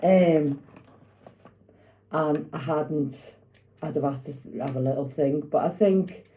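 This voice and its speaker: A woman's voice: low voice, takes it slowly, dark tone, poor audio. A middle-aged woman chatting casually to camera in her home kitchen while she makes food, rambling with lots of tag questions. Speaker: vlogger.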